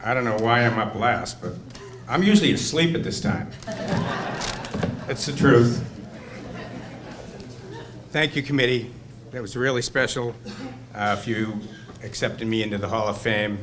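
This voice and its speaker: A man's voice: medium pitch, moderate pace, pauses often, fairly bright tone, a little hiss or hum. A man in his sixties with a Boston accent, giving a rambling, nostalgic acceptance speech at a hall of fame banquet. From Burlington, Massachusetts. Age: 60s. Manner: rambling, nostalgic, fired-up storytelling.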